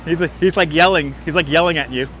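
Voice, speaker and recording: Man, livestream host, high bright voice, jokey comment reading, outdoors, clip-on mic, faint street noise. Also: fast talker. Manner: chatty, jokey, reads comments aloud. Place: outdoors on a city waterfront street. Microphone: wireless clip-on mic.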